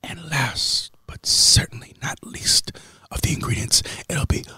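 A podcast co-host whispering in ASMR style, reading slowly and deadpan into a close mic. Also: male voice, medium pitch, slightly rough, dry recording.

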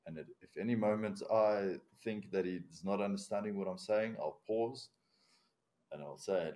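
A man's voice: on the low side, normal speed, mellow. A male commercial diver in a casual podcast interview, with a non-native accent, explaining procedures step by step in a blunt way and swearing casually. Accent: non-native English accent.

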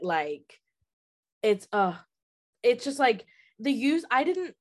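A woman's voice: a little high, very animated, slow, darkish tone. Woman, casual podcast chat, gushing, lots of fillers. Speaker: podcast co-host.

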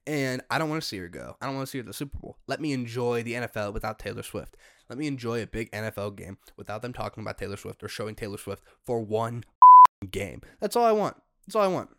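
A young man hosting a solo podcast, ranting in an exasperated way with sudden loud outbursts. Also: lowish voice, fast talker. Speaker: podcast host.

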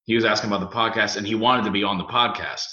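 A young man hosting a podcast, chatting casually and telling animated stories with lots of fillers. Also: on the low side, very fast. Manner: animated storyteller, mimics voices, many fillers. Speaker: podcast host. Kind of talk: casual chat. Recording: echoey room, dull lo-fi sound.

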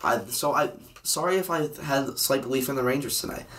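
A young man co-hosting a podcast, chatting about hockey in a teasing, sarcastic, rapid-fire way. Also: medium pitch, fairly bright tone. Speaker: podcast co-host. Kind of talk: casual sports banter.

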